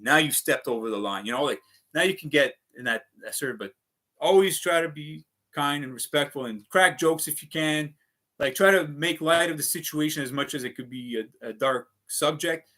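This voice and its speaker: A man's voice: fairly high pitch, normal speed, bright, forceful tone. A man giving a rambling, earnest motivational monologue to his viewers, swearing often and restarting his sentences. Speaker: vlogger.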